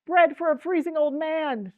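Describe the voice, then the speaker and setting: A freezing old beggar man, put on by a woman reading aloud, crying out in loud, desperate pleas. The voice rides high and strained, and the recording sounds slightly dull and dry. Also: normal speed, dry recording, lightly acted. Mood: pleading. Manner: loud desperate pleading cries.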